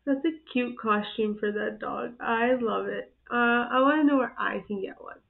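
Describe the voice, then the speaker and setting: A high-pitched woman with a gravelly, fry-edged voice gives casual reaction commentary on her channel. She talks slowly, giggling and gushing with exclamations. Her voice sounds thin and tinny, as if over a phone line. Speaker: channel host reacting to videos.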